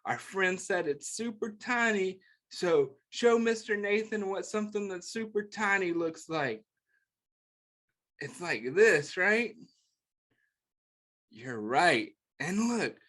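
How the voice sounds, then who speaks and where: Slow, gentle man reading to kids. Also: sits high. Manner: gentle, encouraging, asks the listener questions; slow, clear, playful sing-song delivery. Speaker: children's story time host. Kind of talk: reading a picture book aloud to young children.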